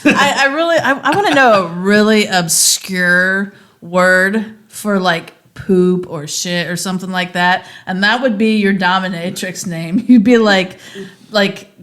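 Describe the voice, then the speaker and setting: A woman's voice: mid-range voice, unhurried, a bit bright. A woman co-hosting a podcast in casual, joking chat, rambling and restarting as she brainstorms. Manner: rambling, restarts often when brainstorming jokes. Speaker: podcast co-host.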